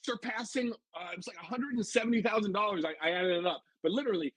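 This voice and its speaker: A man from Arizona tells stories on a podcast in a high, husky voice, talking very fast. He is energetic and blunt and swears freely. The sound is dry and close. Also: no room sound, rough recording. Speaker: HVAC sales pro, podcast guest. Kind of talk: casual podcast storytelling.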